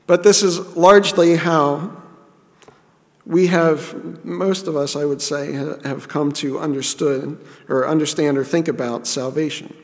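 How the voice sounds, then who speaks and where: A man's voice: fairly high pitch, fairly even intonation, unhurried, gravelly, in a large hall. A man preaching a sermon in an earnest, repeating way, often restarting his sentences. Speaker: pastor.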